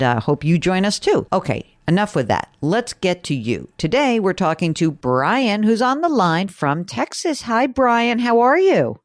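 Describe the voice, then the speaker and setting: A woman's voice: deep voice, no room sound, studio quality. A woman hosting a money call-in radio show, chatty and teasing with callers. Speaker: host.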